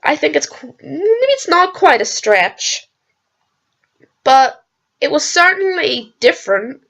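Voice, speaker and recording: Hoarse woman rambling excitedly with gravelly fry. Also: mid-range voice. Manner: rambling, excitable, swears freely. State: hoarse, voice going. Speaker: video creator reacting to a TV episode. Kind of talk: casual reaction vlog.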